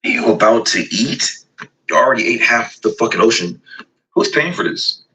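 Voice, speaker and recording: A man's voice: mid-range voice, animated, moderate pace, sharp tone, husky, low-quality recording. A man ranting in a mocking, exasperated way about an overly large restaurant order. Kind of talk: casual reaction rant.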